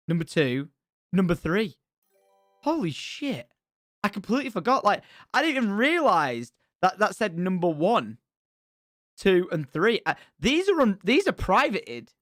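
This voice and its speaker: Animated young man. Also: sits high, unhurried, pauses often. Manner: animated, swears freely, laughs often. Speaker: streamer. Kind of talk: casual stream chat.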